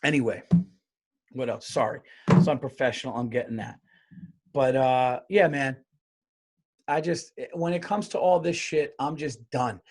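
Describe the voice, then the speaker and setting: A man's voice: medium pitch, measured pace, pauses often. A man hosting his own comedy podcast, ranting in a profane, rambling solo monologue. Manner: profane, rambling, animated rants.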